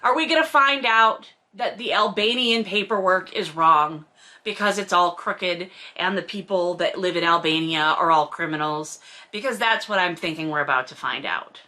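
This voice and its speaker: A woman's voice: fairly low pitch, moderate pace, sharp tone. A woman hosting a podcast, reading a novel aloud and breaking off into sarcastic, exasperated commentary full of swearing. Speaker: podcast host reading a book. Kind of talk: book reading with casual commentary.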